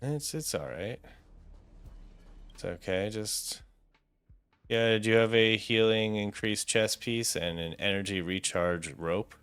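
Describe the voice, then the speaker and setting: A young man chatting casually and rambling as he recaps a story, dropping into quick impressions of the characters. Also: on the low side, clean tone. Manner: rambling, animated, acts out characters' quotes in passing. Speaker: podcast co-host. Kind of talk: unscripted casual chat, recapping a game story.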